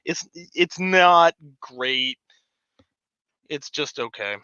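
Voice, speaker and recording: A man chatting on a live stream with a bright, forceful voice that sits a little high for a man. His easygoing, chatty talk comes through slightly dull and lo-fi. The sound is dry, with no room echo. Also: expressive, extremely slow, clear, resonant tone. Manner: chatty and easygoing, laughs often. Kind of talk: casual live stream chat. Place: home hobby room. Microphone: desk microphone.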